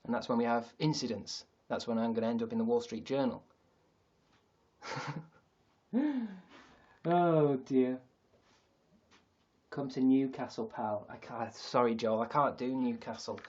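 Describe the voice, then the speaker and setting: A man's voice: mid-range voice, expressive, moderate pace, darkish tone, lo-fi sound. A man hosting a comedic livestream, rambling, joking and swearing freely. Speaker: livestream host. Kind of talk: casual comedic livestream chat.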